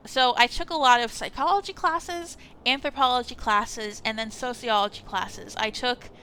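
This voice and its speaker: A woman's voice: a little high, moderate pace, bright, forceful tone, a little hiss or hum. A young woman streamer giving casual, rambling commentary while playing a story game. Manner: rambling, hesitant, chatty. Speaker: let's play streamer.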